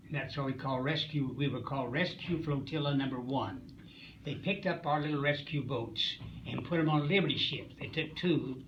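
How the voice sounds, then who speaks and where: This muffled recording, with a little hiss or hum, captures a medium-pitched man in his nineties from Springfield, Missouri, USA. A wartime Coast Guard veteran, he tells his stories in a storytelling interview, folksy and rambling, with hesitations.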